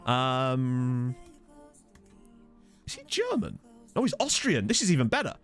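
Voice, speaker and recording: A man streams a football management game, joking and chatting casually with viewers and answering their chat through a desk USB condenser mic. His voice sits at medium pitch with huge swings, a little slow and a bit bright, with faint music in the background.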